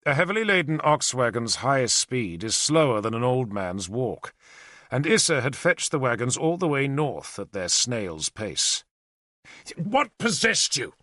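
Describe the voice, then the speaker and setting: A man narrating an audiobook in the first person with a measured storytelling cadence. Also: medium pitch, big pitch swings, fairly bright tone, no room sound, studio quality.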